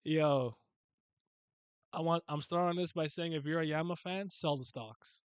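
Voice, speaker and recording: A man giving casual reaction commentary as a video host, excitable and often laughing and swearing. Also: a little high, measured pace, smooth, dry recording.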